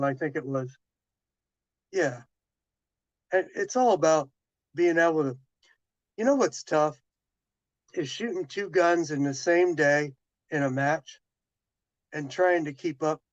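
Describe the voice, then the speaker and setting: A man's voice: on the high side, no echo. A man casually chatting with viewers on a live stream, telling a rambling story full of restarts and quoted dialogue. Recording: dull lo-fi dry sound.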